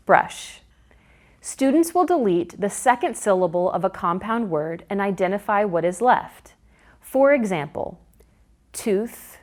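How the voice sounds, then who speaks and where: Slow, sing-song woman teaching reading. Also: medium pitch, a little mellow. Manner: slow, deliberate, sing-song stress on example words. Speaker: literacy instructor. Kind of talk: scripted instructional narration.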